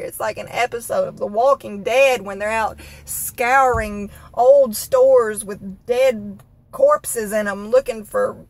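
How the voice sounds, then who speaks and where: A woman's voice: a little high, no room sound. A woman telling an exasperated, dramatic comic rant with expressions. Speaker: comedic vlogger.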